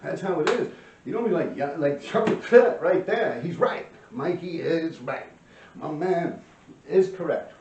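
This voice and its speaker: Gravelly New man telling a story. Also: fairly high pitch, measured pace. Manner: profane, animated, clears throat often. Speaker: graffiti writer telling a story. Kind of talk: casual storytelling monologue. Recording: roomy, distant, dull lo-fi mic.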